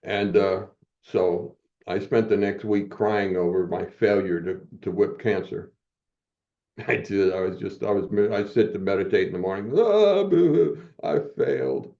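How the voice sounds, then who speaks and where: A man's voice: sits low, level tone, moderate pace, dark tone. Guy in his 70s telling his story on a podcast, fired up and pep-talky, kinda dull lo-fi sound. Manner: motivational, acts out quoted dialogue. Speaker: podcast guest. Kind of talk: personal storytelling in a podcast interview.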